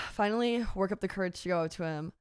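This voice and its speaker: A young woman in her twenties tells a story on a podcast, playful and animated, slipping into quoted voices. Her voice sits at an average pitch, recorded dry and close with no room sound. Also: fast, clear, resonant tone, no echo. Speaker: podcast co-host. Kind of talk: casual storytelling chat.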